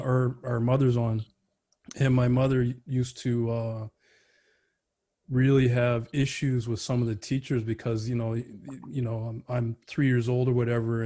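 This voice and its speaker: Mellow-voiced male podcast host. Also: mid-range voice. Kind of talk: podcast interview.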